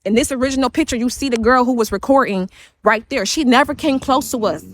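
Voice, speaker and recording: A fast-talking woman with a high voice tells a long, rambling story on a livestream, swearing and going over the same points again in a heated monologue.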